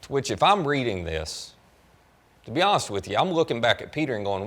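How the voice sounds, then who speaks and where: A man's voice: medium pitch, big pitch swings, a little fast, fairly bright tone. A male pastor preaching a sermon, telling a story and voicing imagined lines for the people in it. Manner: voices imagined lines for the apostle and the listener in his own voice; rising and falling emphatic preaching.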